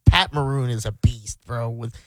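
A man's voice: mid-range voice, normal speed, no room sound. A man co-hosting a sports radio show, bantering casually and agreeing easily. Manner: laid-back, agreeable banter. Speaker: radio co-host.

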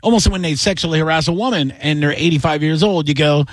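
A man chatting casually as a comedian and podcast co-host, telling stories with lively voices. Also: on the high side, quick pace, no echo, studio quality. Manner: animated storytelling with voices. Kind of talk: casual chat.

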